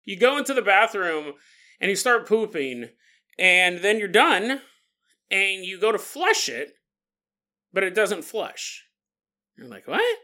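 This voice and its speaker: A man hosting a podcast, telling a joking story with frequent laughs in a playful, animated way. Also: high voice, slow pace, pauses often. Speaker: podcast host. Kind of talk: comedic storytelling monologue.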